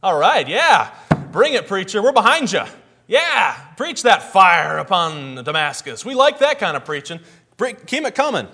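A man voicing an excited ancient townsman who loudly eggs on a fiery preacher. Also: high voice, moderate pace, voice pushed up, heavily acted. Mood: cheering. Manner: rowdy, egging on.

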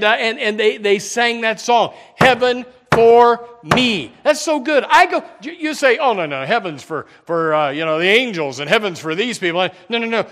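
A man's voice: high voice, fairly bright tone. A man preaching a folksy, humorous sermon as a pastor, often saying "amen" and building up emphasis.

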